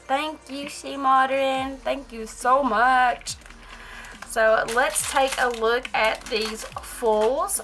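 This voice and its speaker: Excitable woman vlogger gushing over nail stuff, slow easy talk, faint music behind. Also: high voice. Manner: gushing, excitable, repeats exclamations. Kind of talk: casual haul vlog chat.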